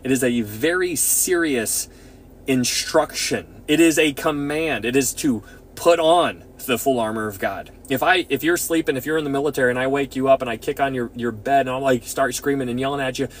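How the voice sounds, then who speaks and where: Man, Bible study teacher, casual teaching, excitable, rambling, mid-range voice. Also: medium pitch, moderate pace, a little hiss or hum. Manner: excitable and rambling, with many restarts.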